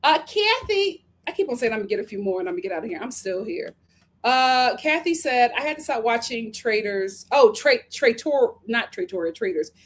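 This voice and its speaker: A woman's voice: fairly high pitch, very animated, fairly quick. A woman hosting a casual live stream, chatting animatedly and reading viewer comments aloud with playful exaggeration.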